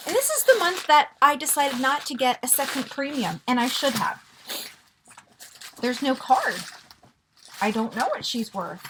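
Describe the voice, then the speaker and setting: A woman vlogger chatting casually through a beauty box unboxing, gushing and excitable with frequent gasps. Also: high voice, noisy background. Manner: gushing and excitable, gasping often.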